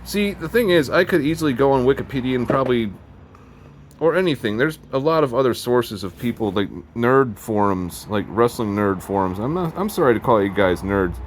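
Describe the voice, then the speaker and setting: A man's voice: mid-range voice, animated, fairly quick, a little hiss or hum. Rambling Midwestern man vlogging. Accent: Midwest American. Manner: rambling, digressive, joking asides. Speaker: video host. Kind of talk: casual vlog commentary.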